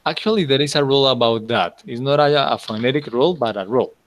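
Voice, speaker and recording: A man with a medium-pitched voice talks fast while teaching an English class online. He explains things patiently, step by step, and checks in with his students often.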